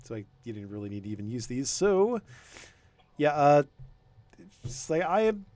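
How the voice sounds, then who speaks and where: A man running a tabletop game as game master, talking in a rambling, hesitant way with many pauses. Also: medium pitch, big pitch swings, dark tone, no room sound. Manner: rambling, hesitant, lots of ums.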